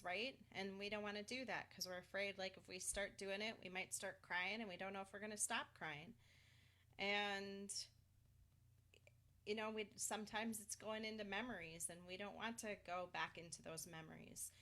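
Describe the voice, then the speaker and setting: A woman coaching a live guided tapping session, talking listeners through slow breaths and phrases to repeat after her. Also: mid-range voice, bright, forceful tone.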